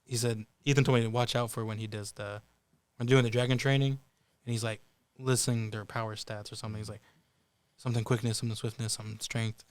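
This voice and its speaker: A young man from the Cherokee Nation, a voice actor guest who tells stories in a lively, amused way in a casual interview. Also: mid-range voice, brisk, clear, resonant tone, no room sound. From Cherokee Nation, Oklahoma. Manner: animated storytelling, amused.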